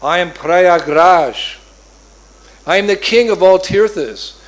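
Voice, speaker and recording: A man's voice: sits high, poor audio. A man doing a grand kingly holy place personified. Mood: stately. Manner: slow, proud declarations.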